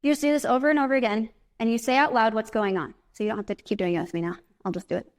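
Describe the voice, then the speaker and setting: A woman's voice: on the high side, fairly even intonation, rapid-fire. A woman giving a casual, upbeat motivational talk to a live audience at a conference, chatty and full of fillers, guiding the room through breathing exercises. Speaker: motivational speaker. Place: conference presentation.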